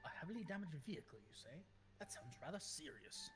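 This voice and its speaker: A player voicing a calm, courteous gentleman professor detective with a put-on refined accent. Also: mid-range voice, fast talker, music in the background, lightly acted.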